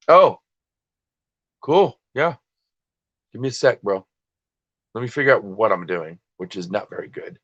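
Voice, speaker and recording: A man's voice: medium pitch, big pitch swings, unhurried, pauses often, fairly bright tone, dry recording, lo-fi sound. A man hosting a casual livestream while listing items for sale, rambling and self-deprecating as he chats with viewers. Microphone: desktop computer and phone.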